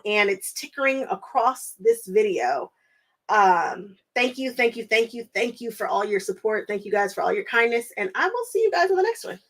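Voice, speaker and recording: A woman's voice: a little high, a bit bright. An American woman hosting a quilting livestream, chatting casually with viewers, laughing often and thinking aloud with lots of fillers.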